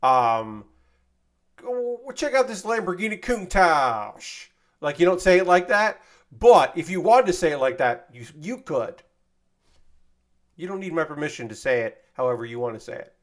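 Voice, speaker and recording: Casting: friendly male streamer, slightly high voice, loose chatty delivery, talks to chat while building. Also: expressive, normal speed. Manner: chatty, thanks viewers by name, self-deprecating asides. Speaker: streamer building model kits. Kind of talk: casual livestream chat.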